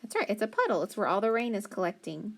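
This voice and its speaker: A woman's voice: medium pitch, expressive, fast talker. A woman with a mid-range voice teaches a phonics lesson. She speaks patiently, sounding out words piece by piece and offering frequent praise. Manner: encouraging, praises often.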